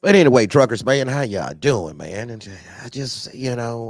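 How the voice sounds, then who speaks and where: A man with a gravelly, rough-edged voice hosts a casual call-in show for truckers. He talks emphatically and folksily, often repeating his points. The sound is close and dry, with no room around it. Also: medium pitch, animated, moderate pace, a little mellow, no room sound. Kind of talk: casual live-stream talk.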